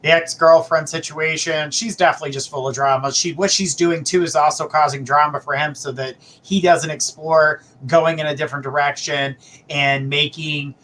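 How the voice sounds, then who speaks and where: A man's voice: fairly high pitch, fairly even intonation, moderate pace, fairly bright tone, a little hiss or hum. A man hosting a live psychic reading, giving blunt, emphatic advice with repeated phrases. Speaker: psychic reader, show host.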